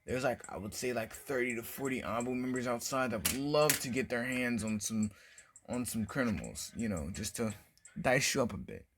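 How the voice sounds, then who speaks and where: A man's voice: mid-range voice, moderate pace, slight background noise. A man doing a smug teenage ninja boss. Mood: smug threatening. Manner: calm, smug threats. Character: cocky menacing teenage boy ninja leader.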